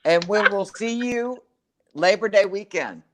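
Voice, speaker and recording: A woman's voice: mid-range voice, animated, unhurried, noisy background. A woman co-hosting a casual online talk show, chiming in with short agreements and quips. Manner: chimes in with brief agreements and quips. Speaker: co-host. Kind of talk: casual chat show interview.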